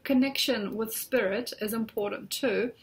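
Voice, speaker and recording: A woman astrologer with a slightly high voice talks from her bed at home. She rambles in a loose, reflective way, full of "like" and "you know." It sounds like a casual computer recording. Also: normal speed. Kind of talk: casual spoken astrology talk.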